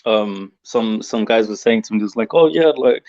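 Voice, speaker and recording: A man with a British accent, chatting as a guest on a live stream in a relaxed, laughing way. His audio comes through dull and lo-fi. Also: lowish voice, normal speed. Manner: laughing, easygoing. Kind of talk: casual chat.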